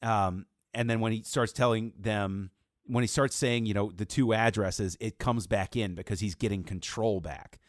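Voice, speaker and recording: A man's voice: on the low side, fairly even intonation, moderate pace, no echo, studio quality. A man talking through a film analysis in casual podcast conversation, building his points with restarts and fillers. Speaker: podcast co-host.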